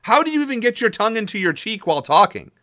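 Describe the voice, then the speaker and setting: Very animated and quick, this young man's high voice has a sharp tone, captured in clean studio sound without echo. Hosting a political livestream, he reads chat messages in a chatty, rambling way, laughing easily amid many fillers.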